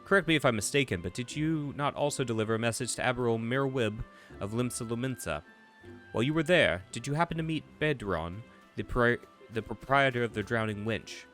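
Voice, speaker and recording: A man's voice: medium pitch, lively intonation, a little fast, fairly bright tone, soft background music, voice pushed up, lightly acted. A man voicing a courteous court official in a polite, formal reading of game dialogue.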